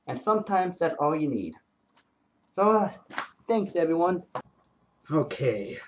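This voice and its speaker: A man excitedly retelling a comic book story in a casual review, with frequent restarts and asides. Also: a little high, rough recording. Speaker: comic book video host.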